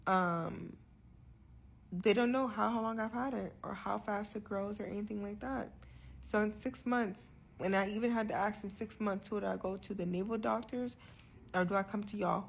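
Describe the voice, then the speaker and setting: A young woman talking candidly to her viewers in a vlog, earnest and frustrated, often restarting her sentences. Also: medium pitch. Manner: frequent restarts and repeated words. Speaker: vlogger sharing her health journey. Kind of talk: candid direct-to-camera vlog.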